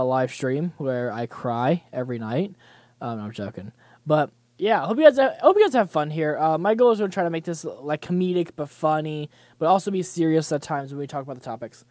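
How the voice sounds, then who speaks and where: A man's voice: fairly high pitch, a little mellow, dry recording. A young man hosting a casual livestream, chatting loosely about gaming news with many fillers and restarts. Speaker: livestream host.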